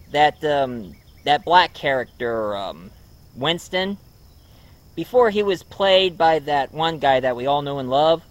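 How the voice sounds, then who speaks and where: A man's voice: a little high, a bit bright. A man casually reviewing a movie at home, rambling with many ums and uhs. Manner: rambling, full of ums and uhs, chuckles often.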